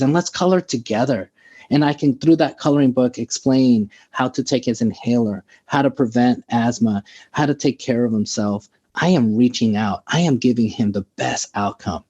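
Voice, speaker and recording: A man's voice: mid-range voice, dark tone, muffled recording. An American man, a doctor, giving an enthusiastic webinar talk in short, emphatic phrases. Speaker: doctor and AI expert speaking at a webinar.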